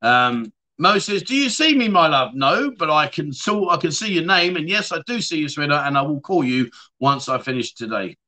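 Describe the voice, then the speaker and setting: A man's voice: a little high, expressive, normal speed, bright, forceful tone. A man hosting a casual livestream chat show, reading viewer comments aloud and answering them in a chatty way.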